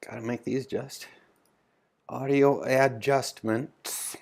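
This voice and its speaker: A man's voice: medium pitch, steady tone, slow pace, creaky. A man hosting his own live stream, chatting to himself as he edits, close on his mic with headphones on. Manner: chatty, talks to himself as he works. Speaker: video creator and host. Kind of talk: live-stream commentary while editing. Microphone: headphones on, mouth close to the mic.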